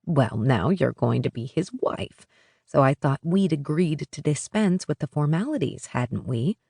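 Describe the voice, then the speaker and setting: A woman voicing a genial middle-aged future mother-in-law in an audiobook, gently chiding and cosy, recorded dry. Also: sits low, animated, unhurried, vocal fry, slightly rough, dry recording, exaggerated voice.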